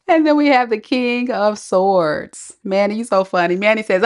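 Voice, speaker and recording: A woman's voice: mid-range voice, moderate pace, hardly any pauses. Chatty woman giving a live tarot reading. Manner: chatty, slangy, laughs often, addresses viewers directly. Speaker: tarot reader.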